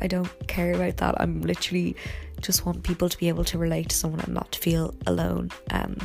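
A tired young woman hosting a podcast, rambling softly from bed with lots of fillers. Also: lowish voice, gravelly. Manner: rambling, soft, many fillers and yawns. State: tired, low energy. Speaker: podcast host. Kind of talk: casual personal podcast monologue. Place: in bed at home.

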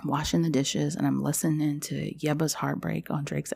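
Podcast host: young woman, low gravelly voice, loose confessional rambling. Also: level tone, moderate pace, darkish tone. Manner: rambling, confessional, heavy use of "like". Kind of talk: casual spiritual podcast monologue.

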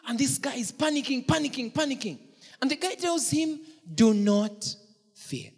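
A preacher delivering an animated sermon, asking questions and joking with the congregation. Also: sits high, fairly quick. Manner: animated, asks the congregation questions, jokes and laughs. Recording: long church-hall reverb.

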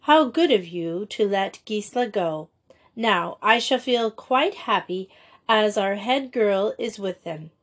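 A woman's voice: medium pitch, lively intonation, slow, fairly bright tone. A woman voicing a kindly, gracious young headmistress in a storybook reading.

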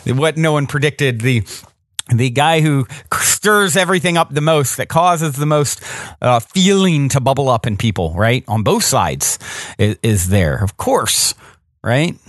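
A man's voice: medium pitch, a bit bright, no echo, studio quality. A man hosting a podcast, commenting casually and thinking aloud with lots of fillers. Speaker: podcast host.

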